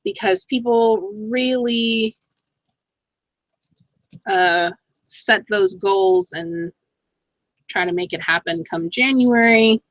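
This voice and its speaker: A middle-aged woman chatting casually in a thrift haul vlog, excitable and talking to herself as she goes through her finds. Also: medium pitch, slow, pauses often, dry recording, low-quality recording. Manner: chatty, excitable, talks to herself while browsing items. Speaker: thrift reseller vlogger.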